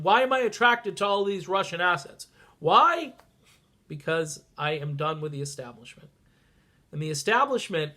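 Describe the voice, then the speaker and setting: A man with a congested, stuffy voice rants casually on his vlog, his pitch sitting a little high for a man. He is sarcastic and animated, dropping to low mutters and then jumping into sudden loud outbursts. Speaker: political vlogger. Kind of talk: casual political vlog rant.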